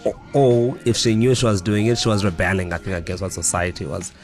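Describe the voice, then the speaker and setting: A man's voice: lowish voice, flat delivery, a little fast. A middle-aged man, an author and guest, talking in a casual interview in a reflective, storytelling way with frequent restarts.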